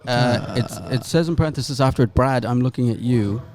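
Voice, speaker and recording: A man's voice: medium pitch, a little fast, a little mellow. A man in a band hosting a casual podcast chat backstage, teasing his bandmates and reading out fan questions. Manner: teasing, laughs often.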